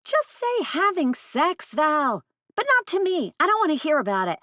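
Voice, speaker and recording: A woman's voice: sits high, huge pitch swings, normal speed, bright, forceful tone, dry recording, clean studio sound, pitched above the performer's own voice, heavily acted. A woman voicing a squeamish, sassy teenage girl who sounds exasperated. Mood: grossed out. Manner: whiny, exasperated.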